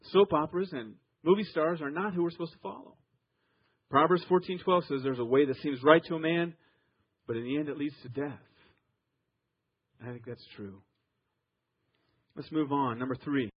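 Husky male pastor, a bit high-pitched, emphatic story-driven sermon, lo-fi radio sound. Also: moderate pace, pauses often. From Iowa. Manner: storytelling preacher, emphatic, swings loud and soft.

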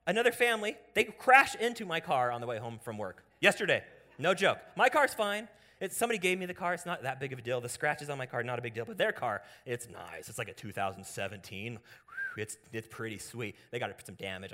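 Animated, bright-voiced young male preacher. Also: medium pitch, fast. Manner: casual, animated storytelling, swings between loud bursts and quiet asides. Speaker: pastor. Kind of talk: sermon.

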